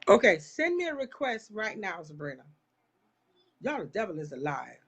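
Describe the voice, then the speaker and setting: A woman's voice: mid-range voice, big pitch swings, moderate pace, husky. A woman hosting a live online talk show, speaking straight to her viewers in an impassioned, churchy way. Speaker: live-stream host. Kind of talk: casual live chat.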